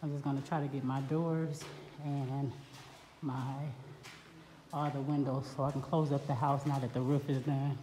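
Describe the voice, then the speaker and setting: Low-voiced woman vlogging on site. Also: level tone, moderate pace, low-quality recording. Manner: chatty, addresses viewers as y'all. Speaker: vlogger touring her house build. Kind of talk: casual walk-through vlog. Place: outdoors on a construction site. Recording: phone video with loud background noise.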